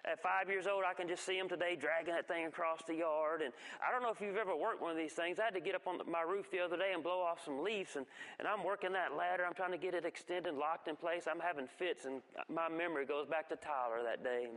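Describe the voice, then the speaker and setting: A man giving a folksy church testimony, telling stories with halting restarts. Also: fairly high pitch, fairly bright tone. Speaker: guest speaker giving testimony. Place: church sanctuary. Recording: long reverb of a church hall.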